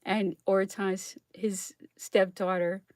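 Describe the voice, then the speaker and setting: A woman's voice: mid-range voice, flat delivery, slow pace, dry recording, studio quality. A woman hosting an astrology show in a casual monologue, chatty, laughing often and keeping her listeners with her by asking "okay?". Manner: chatty, keeps checking in with "okay?"; laughs often while talking.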